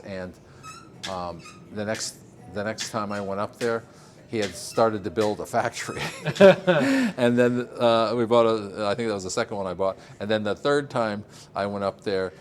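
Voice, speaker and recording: An older man from Vermont leads a relaxed tour of his greenhouse, talking in a low voice. He rambles through long explanations, full of fillers and easy chuckles. A faint hiss of background noise sits under the recording. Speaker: farmer giving a tour. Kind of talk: casual walking-tour interview.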